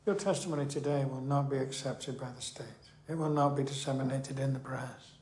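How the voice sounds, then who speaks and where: A man's voice: mid-range voice, roomy sound, natural voice. A man playing a cold, menacing Soviet official. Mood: coldly threatening. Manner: calm, cutting, measured threats.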